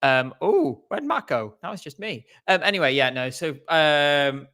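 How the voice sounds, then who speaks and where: A man's voice: a little high, big pitch swings, a little slow, bright, forceful tone. A man co-hosting a casual podcast chat over a video call, rambling and hesitant with many fillers. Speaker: co-host.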